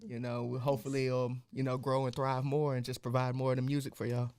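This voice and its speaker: A man's voice: medium pitch, fast, clear, resonant tone. A man from Texas, a musician guest who explains things steadily and often ends his phrases with "or so". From Texas, USA. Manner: steady, explanatory, says "or so" a lot. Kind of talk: casual interview chat.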